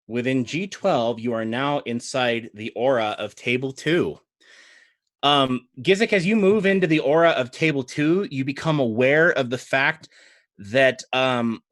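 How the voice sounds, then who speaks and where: A man's voice: mid-range voice, no room sound. Man, game master for a tabletop game, loose rambling delivery, filler-heavy, dry close mic. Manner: relaxed, rambling narration with many fillers.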